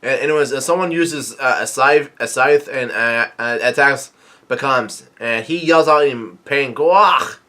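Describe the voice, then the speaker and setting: Halting, filler-heavy man recapping a chapter. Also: mid-range voice, bright, forceful tone. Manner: halting, many fillers and restarts; reads quoted lines in a plain narrating voice. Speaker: manga reaction vlogger.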